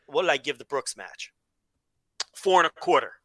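Male podcast co-host from the US, chatty and loose, bright voice. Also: a little high, normal speed, no room sound. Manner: animated, many restarts, swears freely. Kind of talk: casual chat.

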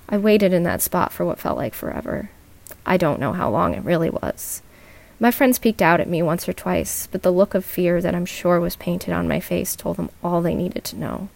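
Woman reading a scary true story on a podcast, lots of vocal fry, slow dramatic pauses. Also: on the low side, darkish tone. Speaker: podcast host and narrator.

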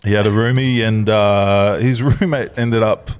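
A low-voiced man co-hosting a laid-back podcast. He tells stories with energy and steers the chat with questions. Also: a little slow, clear, resonant tone. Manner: animated storyteller, asks the questions. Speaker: podcast co-host.

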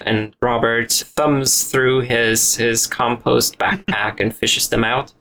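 A man's voice: mid-range voice, slow, gravelly, hardly any pauses, bright, forceful tone, poor audio. A man playing a tabletop game, describing what his character does in a casual way. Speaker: player.

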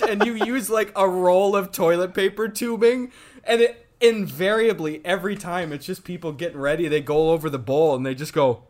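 A young man from Minnesota co-hosting a podcast, telling stories in a lively, swearing, casual way. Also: high voice, moderate pace. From Minnesota, United States. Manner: animated storyteller, swears a lot. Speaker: podcast co-host. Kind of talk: casual chat.

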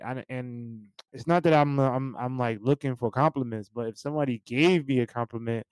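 A man's voice: mid-range voice, darkish tone, clear, resonant tone, no echo, poor audio. A man hosting a casual interview, asking frank, rambling questions with frequent restarts and laughs. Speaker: podcast host.

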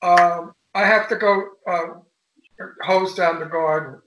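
An older man chats as an interview guest, spinning bawdy stories with animated relish. His voice sits high and sounds sharply bright. The call carries a roomy echo around him. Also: slow pace, a little hiss or hum. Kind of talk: casual interview chat. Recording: echoey room.

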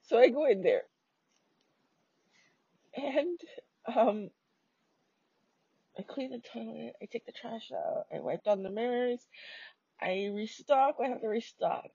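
Slow, gravelly woman on a lo-fi recording. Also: fairly high pitch, animated, mellow, dry recording. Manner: swears casually, with many fillers. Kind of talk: casual personal story telling. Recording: dull lo-fi recording.

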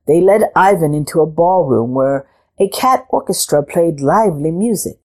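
A woman reading a picture book aloud in a slow, expressive storytelling manner. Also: deep voice.

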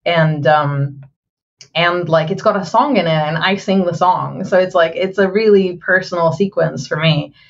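A woman game developer talking casually in an interview, halting with many fillers and restarts. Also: on the low side, gravelly, lo-fi sound.

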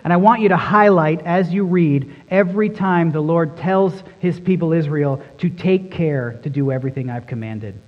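A man's voice: a little high, moderate pace, hardly any pauses, lo-fi sound. A man preaching a sermon as pastor, emphatic and fond of repeating phrases for stress. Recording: long reverb in a large hall.

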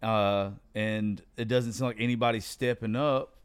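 A man's voice: on the low side, steady tone, moderate pace, clear, resonant tone, dry recording. A man hosting a casual political talk show, rambling loosely with hesitations, then speaking with more fire.

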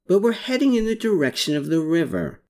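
A man's voice: high voice, big pitch swings, a little fast, darkish tone, pitched above the performer's own voice. A narrator voicing a determined man who reasons aloud through his plans. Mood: pondering. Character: tense determined man investigating.

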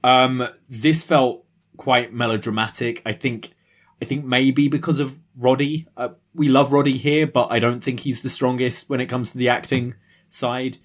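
A man co-hosting a relaxed review podcast, weighing his opinions out loud. His voice sits at a middle pitch, and he often stalls and restarts as he thinks. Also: moderate pace. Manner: thoughtful, hesitant, with repeated restarts. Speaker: podcast co-host. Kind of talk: casual review chat.

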